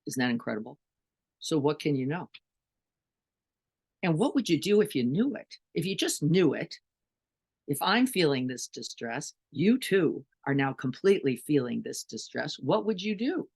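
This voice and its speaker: A woman's voice: low-pitched, very animated, normal speed, vocal fry, darkish tone, slightly rough. A middle-aged woman meditation teacher giving an earnest dharma talk, full of rhetorical questions to her listeners.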